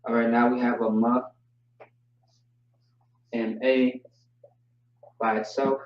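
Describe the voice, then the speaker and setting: Relaxed and prone to jokes, a man teaches an online language class, slowly spelling out words in a voice of medium pitch. Sound quality is muffled, spacious, and distant.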